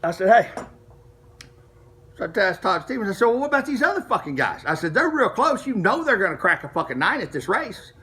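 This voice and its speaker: Profane, animated middle-aged man. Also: high-pitched, a little fast. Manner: profane, animated, acts out quoted dialogue. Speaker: street racer telling a story. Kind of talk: casual storytelling to camera.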